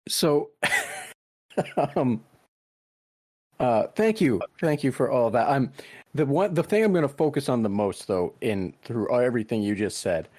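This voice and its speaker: Dark-voiced, halting male podcast host. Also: mid-range voice, animated. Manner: hesitant, halting, with many "um"s. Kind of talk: casual interview chat.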